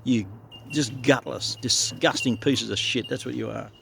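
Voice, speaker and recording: A man's voice: medium pitch, fairly even intonation, measured pace, gravelly, a bit bright, a little hiss or hum. An older man with an Australian accent delivering a blunt, profane, heated ranting monologue as a vlogger.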